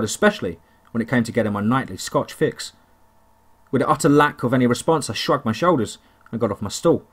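A man narrating a first-person horror story, telling it in a steady, deliberate way. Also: medium pitch.

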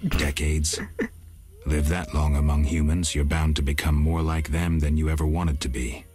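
A gruff, sarcastic monster hunter from a video game. His voice is extremely deep and heavily husky, with a flat, sardonic delivery. Game music plays underneath. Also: moderate pace. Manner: dry, sardonic.

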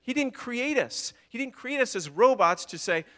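A man preaching a sermon with passion, repeating words and swinging between loud declarations and hushed lines. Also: very high-pitched, expressive, normal speed. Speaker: pastor.

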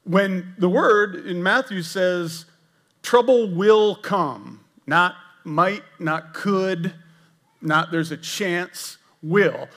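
A man's voice: high-pitched, very slow. A man serving as executive pastor, preaching a casual, self-deprecating sermon to his congregation in a church. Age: older. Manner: jokey, self-deprecating, animated with asides to the congregation. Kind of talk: conversational sermon. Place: church sanctuary.

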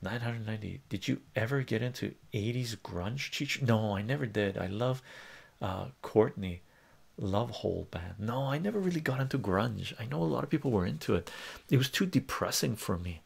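Gravelly low-voiced man chatting on stream. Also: expressive, moderate pace. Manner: rambling and conversational, many fillers and restarts, reads lyrics aloud. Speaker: live stream host. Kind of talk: casual live-stream chat, reading chat messages.

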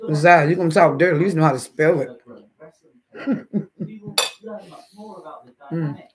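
A man's voice: on the high side, measured pace, a crowd in the background. A man hosting a casual live stream, chatting and reading the chat aloud as he eats breakfast, laughing often. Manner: laughs often, with sudden loud outbursts.

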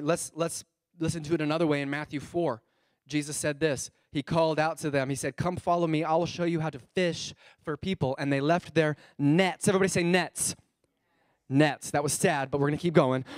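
A male pastor preaching a sermon to his congregation, lively and conversational, with call-and-response. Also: a little high, no room sound, clean studio sound. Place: church sanctuary.

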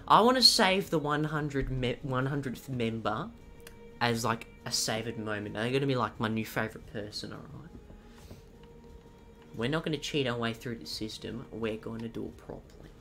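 A man's voice: medium pitch, pushed and bright. A young man streaming a game, just woken up, chatting in a groggy, sweary way and laughing easily. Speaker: livestreamer. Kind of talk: casual gaming stream chat.

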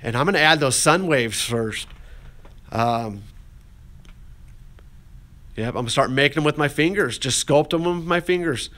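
A man's voice: a little high, a little slow, long pauses, bright, forceful tone. A man teaching an art class, walking through a clay demonstration in a folksy, encouraging way with plenty of fillers and restarts.

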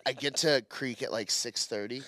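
A man's voice: mid-range voice, normal speed, a little hiss or hum. A man hosting a comedy podcast, telling a story in a casual way and acting out what others said. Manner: animated storyteller, acts out quotes.

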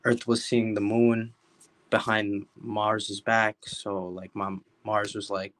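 A man's voice: fairly low pitch, little pitch movement, slow, fairly bright tone, dry recording. A man raised in the US, chatting on a video call and telling absurd jokes with a straight face. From USA. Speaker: video chat stranger. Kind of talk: casual joking chat.

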